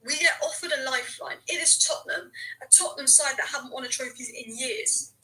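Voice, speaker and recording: Bitter high-voiced woman fan. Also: fast, sharp tone, rough recording. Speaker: football fan vlogger. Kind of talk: fan commentary to camera.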